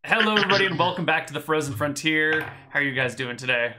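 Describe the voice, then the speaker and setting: A man running and hosting a tabletop game, narrating scenes slowly and chatting quickly with the players. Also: on the high side, lively intonation, background noise. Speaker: game master and host.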